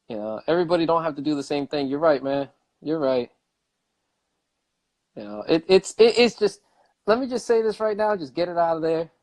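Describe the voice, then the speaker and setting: Animated man ranting casually. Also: fairly high pitch, a little fast, pauses often. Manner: animated, emphatic, repeats himself, swears. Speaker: vlogger. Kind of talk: casual vlog rant.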